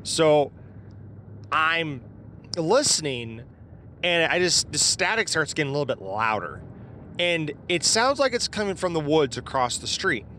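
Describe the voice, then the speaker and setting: A man's voice: a little high, big pitch swings, unhurried, sharp tone, slight background noise. A man from southeast Iowa casually telling a personal encounter story in a rambling, informal way, with fillers and the odd curse word. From southeast Iowa, USA.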